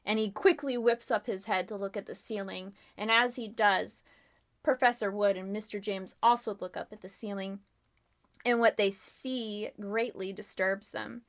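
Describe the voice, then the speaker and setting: A woman's voice: mid-range voice, steady tone, moderate pace. A woman running a live-streamed murder mystery game as game master, casual and giggly with lots of fillers.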